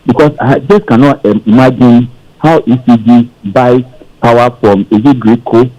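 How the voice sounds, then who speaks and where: Fields: Sex: man. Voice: dark, mellow. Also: mid-range voice, normal speed, dull audio. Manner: argumentative, emphatic. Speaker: caller. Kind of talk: call-in opinion.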